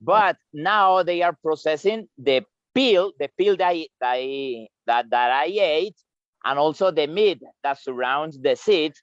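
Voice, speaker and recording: Slow-talking tour guide man. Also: on the high side, expressive, no echo. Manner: halting, repeats words, chuckles while eating. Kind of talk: live virtual tour explanation. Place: outdoors on a coffee farm. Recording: dry, slightly dull lo-fi sound.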